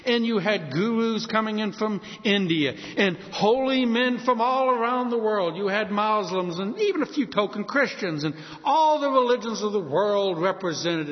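A man preaching a sermon, emphatic, acting out back-and-forth exchanges with doubters. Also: high voice. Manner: emphatic, acts out quoted exchanges. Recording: dull lo-fi sound with long hall reverb.

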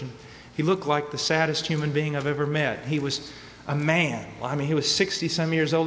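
A man preaching a sermon, telling a story and building to fervent, shouted peaks. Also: a little high, slight background noise. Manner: impassioned, rising to shouted peaks. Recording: reverberant hall with faint ambience.

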